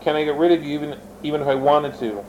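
A man's voice: on the high side, steady tone, quick pace, a little mellow, slight background noise, natural voice, low-quality recording. A man voicing a brooding, volatile man. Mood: menacing.

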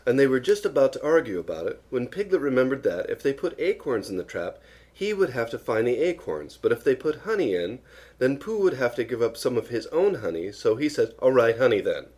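A man's voice: mid-range voice, sing-song, brisk, a little mellow, husky. A man reading a children's story aloud, with a storytelling manner and the odd aside. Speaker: reader.

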